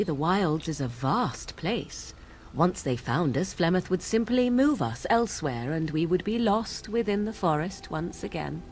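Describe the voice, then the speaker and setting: A woman's voice: sits low, a little hiss or hum, heavily acted. An actress voicing a young, aloof, sardonic witch in a video game, speaking in a cool, archaic, mocking way. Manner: archaic cool speech, wry amusement.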